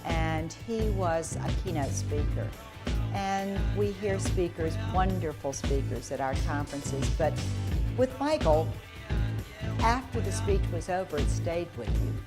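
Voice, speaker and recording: A woman giving a calm, earnest testimonial about a conference speaker. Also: fairly low pitch, measured pace. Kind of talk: testimonial interview. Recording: loud music bed under voice.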